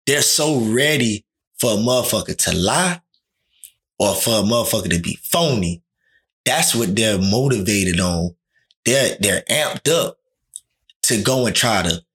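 A man's voice: fairly low pitch, a bit bright. A man talking in a casual, slangy chat, often acting out quoted dialogue.

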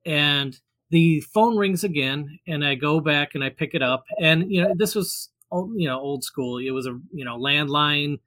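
A man with a fairly high, bright voice tells a long personal story in easy conversation. He rambles, backtracks and fills pauses with "um" and "you know", slipping into the voices of the people he quotes. The sound is dry and close, with no room around it. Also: dry recording. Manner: rambling, many fillers and restarts. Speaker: guest storyteller. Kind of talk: casual anecdote.

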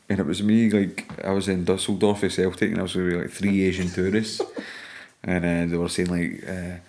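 Deep-voiced Scottish man telling stories. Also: little pitch movement, normal speed, darkish tone. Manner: swears freely, laughs through stories. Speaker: MMA fighter guest. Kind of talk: casual podcast chat.

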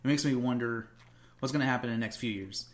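A man chatting casually with a friend, quick to get animated. His voice sits at an ordinary middle pitch. When he retells a story he breaks into exaggerated put-on voices. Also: a little hiss or hum. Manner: animated, puts on mocking voices in anecdotes. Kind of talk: casual chat.

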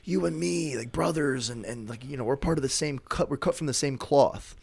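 A man's voice: mid-range voice, normal speed, vocal fry, a little mellow, husky, pitched above the performer's own voice. A man voicing a smug, scheming vampire lord who coaxes a rival to become his partner, while retelling a film scene. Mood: coaxing. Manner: wheedling, pleading to be partners.

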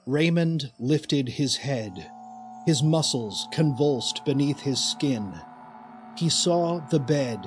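A man narrating a horror story in a slow, deliberate, dramatic way. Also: on the high side, a little mellow, slight background noise.

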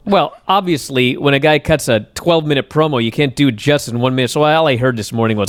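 A man hosting a wrestling talk show, telling stories at length in a casual, animated way. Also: mid-range voice, fast, few pauses, dry recording, clean studio sound. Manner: animated storyteller, recaps at length. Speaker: wrestling radio show host.

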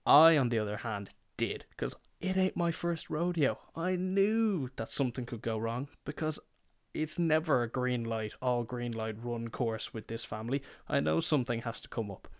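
Young man, casual storyteller, swears a lot, mid-pitched, dry close recording. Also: animated, normal speed, dry recording. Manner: swearing, rambling, quoting family members. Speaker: podcast host.

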